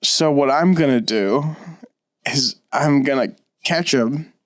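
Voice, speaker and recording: A man's voice: medium pitch, takes it slowly, no echo. Wry man on a dry podcast mic. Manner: wry, laughs often, thinks out loud. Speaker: podcast co-host. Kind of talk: casual chat.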